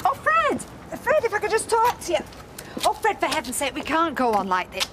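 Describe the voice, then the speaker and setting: A woman's voice: high voice, lively intonation, quick pace, background noise. An actress playing a woman who broke off her engagement, pleading with her former fiancé and then scolding him.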